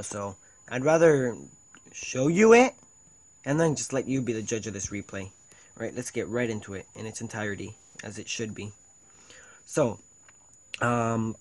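A man narrates a game replay in loose, casual play-by-play, often quoting his own thoughts aloud and padding with ums. His voice sits at an ordinary middle pitch for a man. The close mic gives a dry, deadened sound. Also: dry recording, poor audio. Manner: chatty play-by-play with frequent ums and self-quotes. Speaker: video host. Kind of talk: casual gameplay commentary over a replay.

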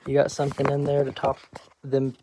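A man's voice: mid-range voice, completely flat delivery, a little fast, background noise, close to an everyday voice. A man voicing a brash, boastful middle-aged man who teases and tells tall stories, in a play audiobook. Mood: teasing. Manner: swaggering, teasing, storytelling. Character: Troy, brash boastful middle-aged male garbage collector.

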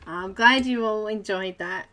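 A woman's voice: mid-range voice, a bit bright. Aussie lady chatting away while she colours on stream, giggles often. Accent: Australian. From Australia. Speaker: live stream host. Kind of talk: casual chat while colouring.

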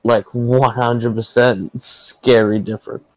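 A man's voice: mid-range voice, flat delivery, slow, no room sound, poor audio. A man with a New Zealand accent, a player chatting casually at a tabletop game, laughing often and swearing.

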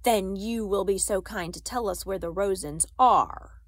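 A woman voicing a harsh male soldier with a German accent who speaks loudly and demands answers. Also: mid-range voice, measured pace, no room sound, studio quality, natural voice.

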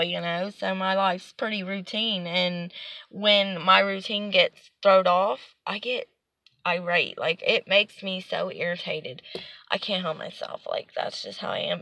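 A woman's voice: medium pitch, fairly bright tone, no room sound. A young woman talking casually in her home vlog, venting with exasperation and lots of "like". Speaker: vlogger.

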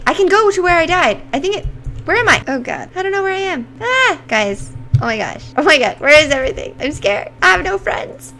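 A woman's voice: high-pitched, fairly bright tone. A woman in her twenties streaming a game live, chatting nonstop to her viewers and screaming at sudden scares. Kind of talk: live gameplay commentary to chat.

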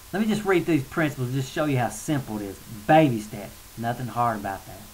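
This is a casual video monologue from a spiritual vlogger: a mid-range male voice at a moderate pace, ranting bluntly and colloquially until he's worked up, then apologizing. The recording is low quality, and a faint hiss runs underneath.

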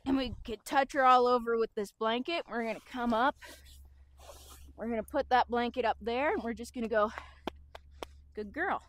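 A woman horse trainer explaining calmly while working with a horse outdoors and talking to it as she goes. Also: fairly high pitch, fairly quick, a little hiss or hum. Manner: calm, explanatory, talks to the horse as she works.

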